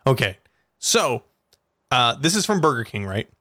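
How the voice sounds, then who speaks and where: Goofy, excitable male co-host; lively pitch, dry studio mic. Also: unhurried, no echo. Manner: goofy, excitable, breaks into laughter and squeals. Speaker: podcast co-host. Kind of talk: casual comedic chat. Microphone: studio mic with headphones and compressor.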